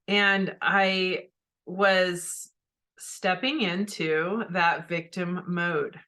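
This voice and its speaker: A middle-aged woman hosts a podcast in a low-leaning, pushed and bright voice, speaking very slowly with fairly even intonation. She candidly shares a personal story, then coaches her listeners directly.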